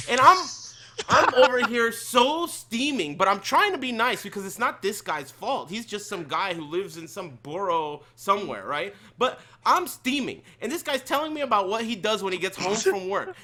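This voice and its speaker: A man hosting a casual gaming podcast who tells stories in an animated way and swears while he rants. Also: high-pitched, normal speed. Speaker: podcast host. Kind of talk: casual chat.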